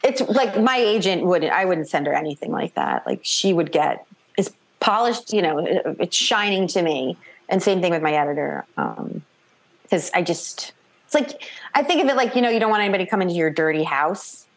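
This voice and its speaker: A woman author talking casually in an interview, chatty and animated, acting out quoted voices as she tells her story. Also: fairly low pitch, normal speed, vocal fry. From New York / New Jersey. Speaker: author guest.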